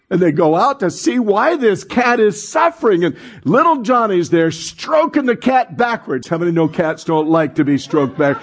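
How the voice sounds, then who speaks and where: A man preaching a sermon as pastor, animated, calling on the congregation to respond and acting out voices in his stories. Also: high voice, normal speed, few pauses.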